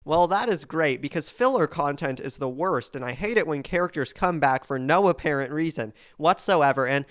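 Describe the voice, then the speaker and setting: Deadpan sarcastic podcast host. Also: mid-range voice, moderate pace, few pauses. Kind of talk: comedy podcast sketch.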